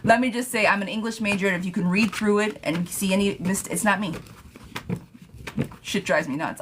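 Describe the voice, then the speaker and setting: A woman's voice: medium pitch, fairly quick, noisy background. A young adult woman giving a casual live tarot reading, chatty, laughing often and swearing lightly. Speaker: tarot reader. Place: home, streaming live.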